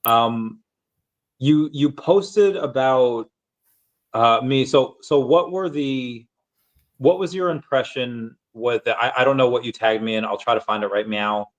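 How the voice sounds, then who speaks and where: A man in his late twenties or thirties hosting a casual livestream, rambling with many restarts and acting out pickup lines in a deeper voice. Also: measured pace. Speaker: livestream host. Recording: dull, lo-fi sound.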